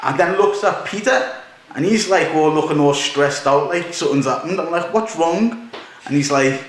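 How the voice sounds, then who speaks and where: Laughing bloke, echoey room. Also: male voice, fairly high pitch, moderate pace. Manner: animated, laughing storyteller. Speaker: podcast host. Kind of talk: casual storytelling chat.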